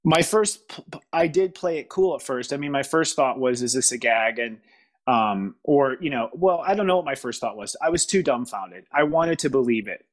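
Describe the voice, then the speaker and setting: A man speaking as a guest in a casual spiritual conversation, pausing, restarting and searching for words. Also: a little high, expressive. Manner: halting, searching for words, frequent restarts and laughs. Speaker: podcast guest.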